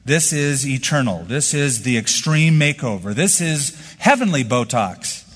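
A man delivers a sermon in a slightly high voice, pressing his points with emphatic rhetorical questions. His words ring out with the long reverb of a large church hall. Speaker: pastor.

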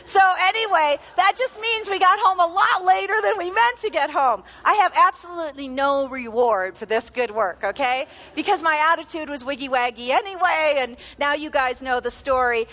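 A middle-aged woman giving a conversational Bible teaching, animated and laughing often, acting out quoted lines. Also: sits high, moderate pace, hardly any pauses, big-room sound. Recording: slightly dull, lo-fi recording.

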